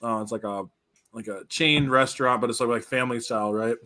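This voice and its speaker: A man's voice: mid-range voice, steady tone, a little fast, bright, forceful tone. A man co-hosting a podcast, chatting casually and laughing often as he tells a story. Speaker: podcast co-host. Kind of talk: casual chat.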